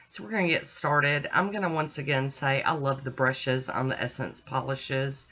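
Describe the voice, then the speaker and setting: A middle-aged woman hosting a nail art channel, calmly talking through each step of her manicure in a relaxed, chatty way. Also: low voice. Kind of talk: casual tutorial narration. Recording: dull lo-fi sound.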